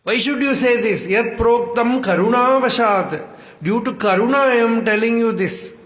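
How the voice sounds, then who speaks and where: A man giving an unhurried, reflective spiritual discourse, reciting Sanskrit verses as he explains them. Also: very high-pitched, fairly bright tone. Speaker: spiritual teacher. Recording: echoey hall reverb.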